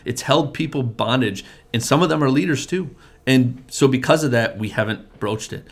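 Earnest and conversational, a middle-aged family pastor and men's group leader tells his testimony, often backing up to restart and repeat words. He speaks at an ordinary speed with a medium-pitched voice.

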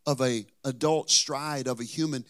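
A man preaching as a pastor, telling a story, moving between quiet asides and emphatic points. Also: mid-range voice, fairly even intonation, moderate pace. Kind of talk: sermon with personal storytelling.

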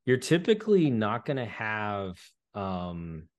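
A man's voice: fairly low pitch, very animated, takes it slowly, dull audio. A man hosting a podcast, chatting casually in a rambling, hesitant way. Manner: rambling, hesitant, with many fillers. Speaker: podcast host. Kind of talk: casual conversation.

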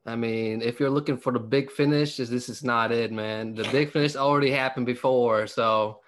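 A young Vietnamese stand-up comedian, speaking with a Vietnamese accent, chats as a guest in a casual interview, joking and laughing often between fillers. His voice is mid-range and steady, at a moderate pace.

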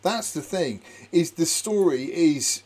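A man's voice: on the high side, lively intonation, takes it slowly, darkish tone. A man from England chatting casually, wry and playful, with casual swearing. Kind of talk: casual chat.

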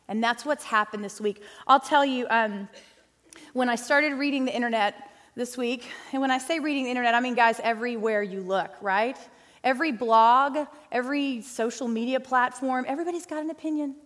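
High-voiced woman teaching in a church hall. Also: normal speed. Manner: chatty, emphatic, addresses audience as guys and y'all. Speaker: women's ministry speaker. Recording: long hall reverb.

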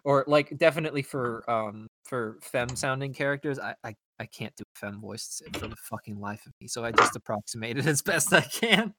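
A man's voice: mid-range voice, animated, a little fast, hardly any pauses, background noise. A man co-hosting a tabletop podcast, talking casually about doing character voices, swearing and restarting often. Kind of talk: casual chat.

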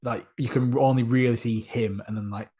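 A man's voice: mid-range voice, fairly even intonation, a little fast, mellow, slight background noise. A man co-hosting a casual chat about a film, easygoing and chatty, hedging his thoughts as he goes. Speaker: podcast co-host.

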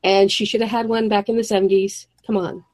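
A woman co-hosting a casual round-table podcast, chatting in a quick, storytelling way full of fillers. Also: medium pitch, level tone, darkish tone, poor audio. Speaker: podcast co-host.

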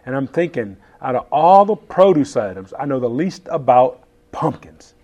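A man in his fifties, a chef telling stories in a casual interview, animated and laughing as he acts out quotes. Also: mid-range voice, normal speed, husky.

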